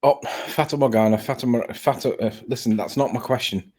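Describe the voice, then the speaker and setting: A man's voice: mid-range voice, fairly quick, darkish tone. Guy on a video call, keeps stammering and pushing his point, plain middle voice. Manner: stammering, insistent. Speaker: caller on a live stream. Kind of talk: casual debate.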